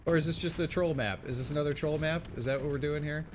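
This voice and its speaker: A man's voice: a little high, fairly even intonation, fast, noisy background. A man streaming a game and chatting with viewers, often exclaiming and laughing as he plays. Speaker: gaming streamer. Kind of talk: let's play commentary.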